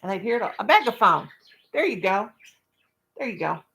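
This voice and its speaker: A woman's voice: mid-range voice, big pitch swings, moderate pace, a bit bright. A woman hosting a casual live stream from her home in the country, rambling and joking in a folksy way.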